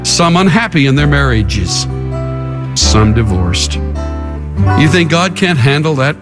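Expressive preacher man, high animated voice. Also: slow, over loud music. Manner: dramatic, leads congregation in call and response. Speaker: pastor. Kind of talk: sermon.

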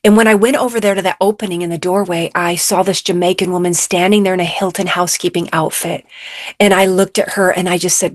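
A woman's voice: fairly low pitch, steady tone, fast, dry recording. Woman radio guest, earnest faith storyteller, close dry studio sound. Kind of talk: emotional personal testimony.

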